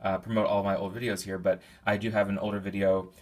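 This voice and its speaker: A man's voice: lowish voice, flat delivery, fast. A man giving a casual, rambling product review, thinking aloud with many fillers and restarts. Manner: detailed, thinks aloud while describing scents. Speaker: candle reviewer.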